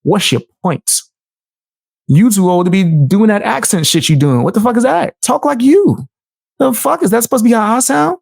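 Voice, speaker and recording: A man's voice: high voice, expressive, normal speed, vocal fry, dry recording, studio quality. A man streaming live, reacting to a video with profane, mocking commentary. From United States.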